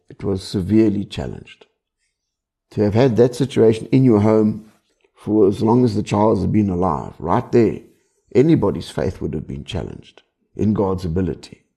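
A man's voice: fairly low pitch, creaky, mellow, husky. A man preaching a sermon in a conversational way, often asking the listeners questions. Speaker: pastor.

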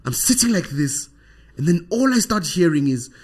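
A man with a South African accent, a podcast guest telling a personal story in animated conversation, often ending sentences with "right?". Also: a little high, normal speed, breathy edge.

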